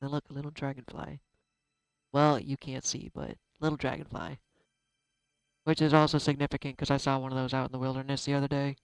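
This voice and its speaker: A man giving a casual tarot card reading, chatty and self-deprecating, thinking out loud. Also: mid-range voice, completely flat delivery, a little fast, clear, resonant tone, no echo, faint music behind, poor audio. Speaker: tarot reader.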